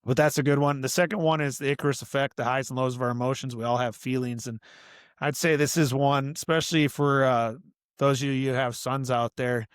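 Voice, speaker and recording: A middle-aged man speaks as a podcast guest in an earnest, meandering way, filling his thoughts with "you know" and "like." His voice is smooth and resonant. The recording is dry and close, with no room echo. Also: mid-range voice, fairly even intonation, brisk. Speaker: podcast guest, author and coach. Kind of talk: casual interview conversation.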